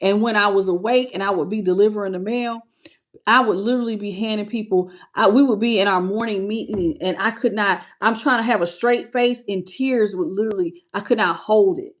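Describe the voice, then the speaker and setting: A woman's voice: medium pitch, steady tone, brisk. Woman, spiritual channel host; earnest, loose conversational delivery. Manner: earnest and intimate, with loose casual phrasing. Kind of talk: casual livestream talk to viewers.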